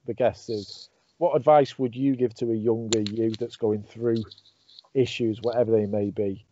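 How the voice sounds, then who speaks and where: A man's voice: mid-range voice, steady tone, normal speed, mellow, a little hiss or hum. Chatty male podcast host, lo-fi sound. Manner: asks questions, loose and chatty. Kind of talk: casual podcast chat. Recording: dull lo-fi audio.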